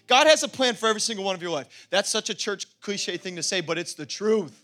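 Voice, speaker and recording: A man preaching a sermon as pastor of a church, playful and quick to laugh, building up to fervent calls. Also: high voice, expressive, bright, forceful tone.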